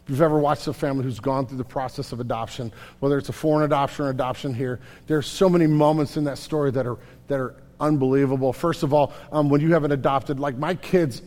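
A man preaching a sermon in an animated, conversational way, often restarting his words. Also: mid-range voice, quick pace, few pauses, big-room sound. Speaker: pastor.

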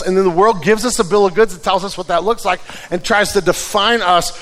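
A man preaching a sermon who drops to a hushed voice and then builds back up loud, repeating words as he restarts. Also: high voice, fairly even intonation, fairly quick, hardly any pauses. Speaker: pastor. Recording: reverberant hall.

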